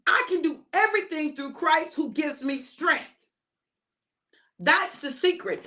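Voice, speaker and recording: A woman's voice: high-pitched, pushed and bright. An older woman preaching an informal sermon, emphatic and repetitive, often calling out to her listeners.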